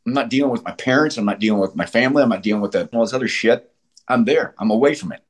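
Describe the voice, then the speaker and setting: Husky man in his sixties, blunt and profane. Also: medium pitch, racing. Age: 60s. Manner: blunt and profane, with frequent restarts. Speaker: interview guest. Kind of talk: candid conversational storytelling.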